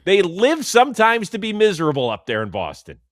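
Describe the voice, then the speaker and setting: A man co-hosting a casual sports talk show, animated and sarcastic, often dropping into mocking quotes. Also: sits high, a little fast, no echo, studio quality. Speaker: co-host.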